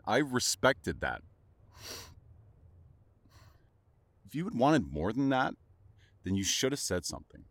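A man's voice: mid-range voice, sing-song, normal speed, a bit bright, no echo. A man playing a jealous young secret lover in an audio role-play, swearing and stumbling over repeated words. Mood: hurt. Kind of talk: audio role-play addressed to a silent listener.

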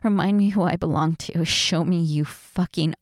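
A woman voicing a submissive, flustered young housewife in an adult audio role-play, breathy and pleading. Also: lowish voice, steady tone, normal speed, dry recording, clean studio sound, natural voice.

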